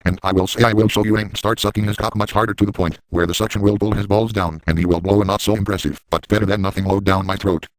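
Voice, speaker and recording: A crude, manic grown man rattles off his boasts at a breakneck clip in a lowish voice, as a man acts him out. The delivery is gleeful yet deadpan. The sound is close and dry, with no room around it. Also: fast, few pauses, no room sound, natural voice, rough recording. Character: crude, manic adult man boasting about outrageous deeds. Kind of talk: crude first-person parody narration.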